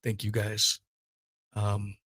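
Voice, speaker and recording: A man's voice: on the low side, monotone, slow pace, bright, forceful tone, dry recording. A man hosting his own podcast, ranting in a blunt, heated, profane casual monologue. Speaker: podcast host.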